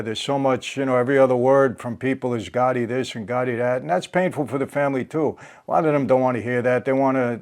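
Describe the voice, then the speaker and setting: Man, older, interview host, casual chat, halting, lots of fillers, mid pitch. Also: darkish tone. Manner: halting, many fillers and restarts.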